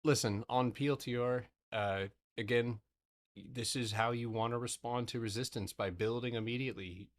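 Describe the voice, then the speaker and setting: A young man giving casual live trading commentary to his community, excitable and profane, talking in broken half-sentences. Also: mid-range voice, normal speed. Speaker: stock trading streamer.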